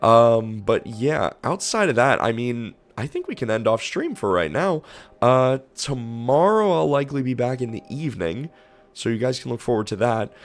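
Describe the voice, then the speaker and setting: A man streaming, giving excited reaction commentary with loud gushing outbursts. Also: medium pitch, moderate pace.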